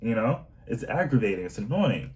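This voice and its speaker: A man's voice: mid-range voice, big pitch swings, moderate pace, a little mellow, poor audio. A man talking in a casual self-help monologue, earnest and rambling with many fillers.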